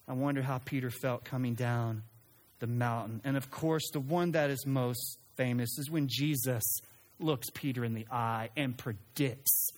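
A pastor with a medium-pitched voice preaches a sermon at a measured pace, animatedly acting out quoted lines and occasionally restarting his sentences.

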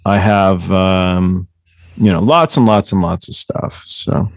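A man's voice: low-pitched, takes it slowly, gravelly, no room sound, clean studio sound. A man telling rambling, profane stories as the author guest on a casual book club chat. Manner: rambling, profane, laughing storyteller.

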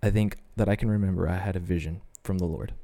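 A man's voice: deep voice, fairly even intonation, quick pace, mellow. A man sharing his personal faith testimony on a podcast, telling it as an earnest story. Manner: earnest storyteller, acts out quoted voices. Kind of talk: personal testimony, casual chat.

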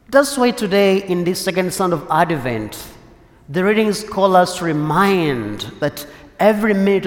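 Male priest, homily voice a bit high, loose storyteller pacing, reverberant church. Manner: conversational storytelling with pauses and restarts.

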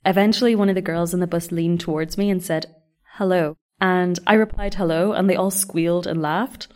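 A woman in her young adult years talks through stories of living abroad. Her voice sits a little low, and her manner is chatty and self-deprecating. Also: fairly even intonation, a little fast, a little mellow. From Ireland. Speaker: vlogger. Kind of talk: scripted travel storytelling.

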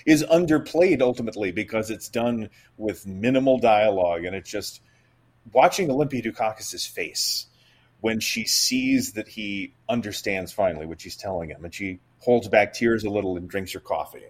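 A man's voice: on the low side, normal speed, breathy edge. A man co-hosting a casual movie podcast, talking with enthusiasm about the acting in a film. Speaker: podcast co-host.

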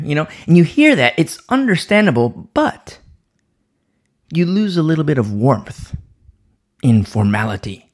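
Guy preaching a bible study, sore throat, voice jumps all over, kinda high. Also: normal speed. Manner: animated, repeats words and restarts often. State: sore throat, pausing to sip coffee. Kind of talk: informal Bible teaching.

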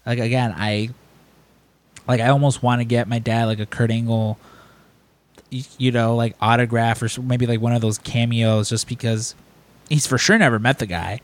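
A man's voice: medium pitch, steady tone, normal speed. A young man co-hosting a podcast, telling stories in a rambling casual chat with lots of fillers and restarts. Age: young adult. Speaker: podcast co-host.

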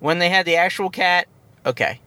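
A man's voice: sits high, normal speed, sharp tone, clean tone, no room sound. A man co-hosting a movie podcast, chatting casually with dry, wry remarks. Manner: dry, wry, short agreeing replies. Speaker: podcast co-host. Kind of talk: casual movie review chat.

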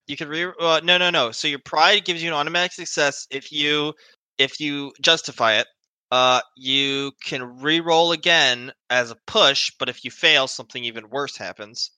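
A man running a tabletop game, chatty and loose with plenty of fillers. His voice is bright, crisp and forward, recorded dry and close. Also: a little high, fairly even intonation, moderate pace, no room sound, poor audio. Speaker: game master.

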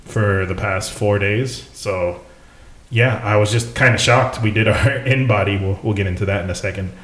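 A male podcast co-host with a lowish, fairly bright voice talks at a moderate pace in a reverberant recording. The casual chat is laid-back, and he swears freely and laughs often.

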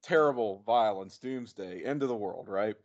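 A man's voice: on the low side, moderate pace. Man, podcast co-host, casual film chat, rambling, playful, dull lo-fi sound. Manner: rambling, playful, jokey asides. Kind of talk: casual movie discussion. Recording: dull lo-fi audio.

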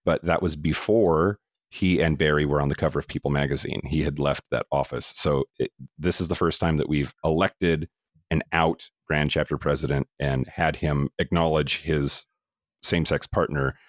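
An older man co-hosting a podcast, talking earnestly with many restarts, tired and a little rough from a cough. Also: rumbling low, fairly even intonation, no room sound, studio quality. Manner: earnest, halting with repeated restarts. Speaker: podcast co-host. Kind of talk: casual podcast chat.

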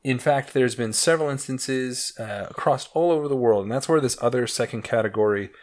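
A man's voice: medium pitch, brisk, darkish tone. A young man from Utah co-hosting a casual podcast, joking and crude, often laughing as he talks. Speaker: podcast co-host.

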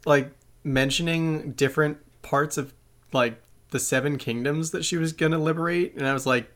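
A man's voice: fairly high pitch, fairly even intonation, moderate pace, fairly bright tone. A man co-hosting a podcast in casual chat, talking loosely and swearing now and then. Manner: loose, cursing, reflective. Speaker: podcast co-host.

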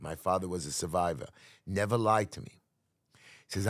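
A man's voice: low-pitched, moderate pace, long pauses, dry recording, clean studio sound. A man, a community activist guest telling a story dramatically in an interview, emphatic and acting out quotes. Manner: emphatic, acts out quotes, restarts often.

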